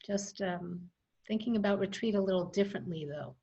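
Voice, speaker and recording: A woman speaking as a guest expert on early childhood education in a casual webinar conversation, reflective and thoughtful with frequent pauses. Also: medium pitch, dark tone, husky. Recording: slightly dull video call audio.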